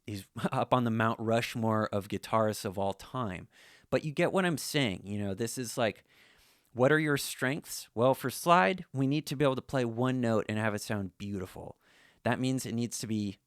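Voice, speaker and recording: A man's voice: medium pitch, dry recording, studio quality. A man giving a casual, conversational guitar lesson, full of "you know" fillers. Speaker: slide guitar teacher.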